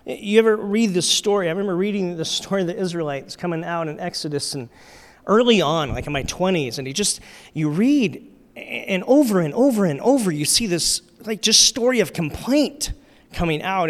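A man's voice: high-pitched, fairly bright tone. A middle-aged man, a pastor, preaching in a conversational, candid, self-deprecating way. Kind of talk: sermon. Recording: hall reverb.

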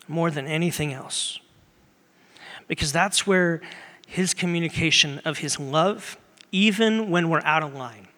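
A man preaching a sermon as pastor, earnest and conversational, dropping to a hush at times and rising loud at others. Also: on the high side. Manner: conversational and earnest, shifting between loud and hushed. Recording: long hall reverb.

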